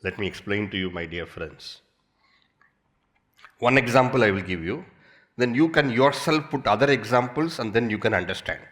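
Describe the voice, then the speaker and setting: A man's voice: mid-range voice, normal speed, pauses often. A man with an Indian English accent giving a spiritual discourse, telling everyday stories with playful repetition. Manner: animated storytelling with playful repetition. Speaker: swami, spiritual teacher.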